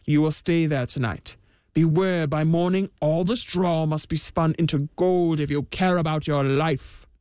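A woman's voice: deep voice, a little slow, dark tone, clean tone, no echo, clean studio sound. A woman voicing a stern, greedy male king who gives commands.

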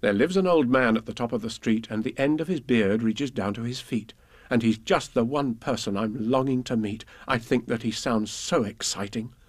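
A man reads children's poems and stories aloud in a gentle, measured way. His voice sits at an ordinary pitch and is recorded close and dry. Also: dry recording. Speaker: reader.

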